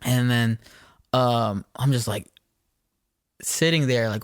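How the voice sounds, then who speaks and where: A man's voice: mid-range voice, normal speed, no room sound, clean studio sound. A young man, co-hosting a podcast and telling casual stories with lots of swearing. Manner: swearing, animated storyteller. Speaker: podcast co-host. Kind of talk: casual storytelling chat.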